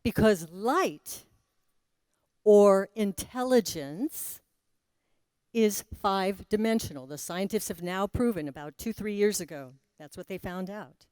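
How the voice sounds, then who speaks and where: A woman giving a spiritual talk to a live audience. She speaks slowly, pauses often, drops suddenly to a soft voice and puts questions to the listeners. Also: medium pitch, clean tone, no room sound. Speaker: spiritual teacher.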